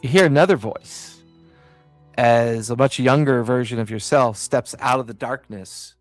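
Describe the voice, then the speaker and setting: A man narrating as the game master of a tabletop game, telling the story in a calm and measured way over an online call. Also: mid-range voice, no room sound, soft background music.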